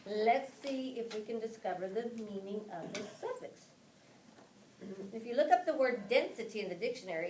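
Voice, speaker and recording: A woman leading a phonics workshop for teachers, spelling letters out slowly with frequent ums and restarts. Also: medium pitch, darkish tone. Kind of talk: classroom-style instruction to fellow teachers. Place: classroom. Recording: roomy, distant and noisy classroom recording.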